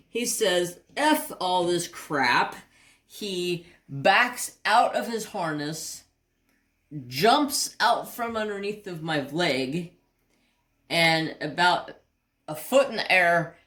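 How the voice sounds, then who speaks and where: Low-voiced woman telling a rambling story. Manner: rambling, animated retelling with mild cursing. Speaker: craft channel host. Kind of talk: casual storytelling while crafting.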